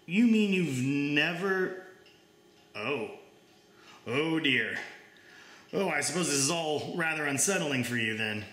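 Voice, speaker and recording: A breezy, polite space alien chats casually and a little condescendingly, as a man reading a story puts it on. The voice is bright and slightly raised, and the room echoes. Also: fairly high pitch, expressive, takes it slowly, pauses often. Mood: chatty. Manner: casual, chatty, mildly condescending.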